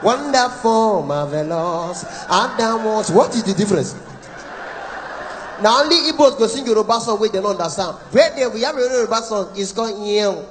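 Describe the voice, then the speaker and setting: Nigerian comic on stage, really high voice, big echoey hall, lil bit of noise. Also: male voice. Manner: fast, animated, breaks into song. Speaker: stand-up comedian. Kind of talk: stand-up comedy with Pidgin asides. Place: large concert hall. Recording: echoey hall, live show.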